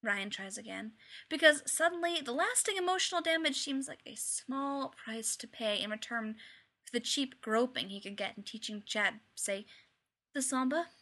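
A woman reading fan fiction aloud with wry, expressive storytelling. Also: on the high side, normal speed. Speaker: reader.

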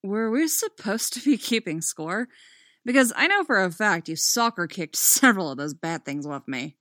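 A woman voicing a wry, teasing young man who speaks in a low-key, muttering way, close to her own voice. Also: sing-song, normal speed, a bit bright, no room sound.

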